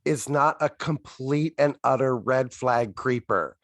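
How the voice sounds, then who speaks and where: A man's voice: mid-range voice, slow pace, a bit bright, no room sound. A man in his forties co-hosting a comedy podcast, reading from his notes in a blunt, exasperated, swearing manner. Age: 40s. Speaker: podcast co-host. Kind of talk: casual comedic recap chat.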